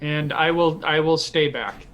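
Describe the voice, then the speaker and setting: Bright-voiced male tabletop player. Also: a little high, a little slow. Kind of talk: tabletop game play.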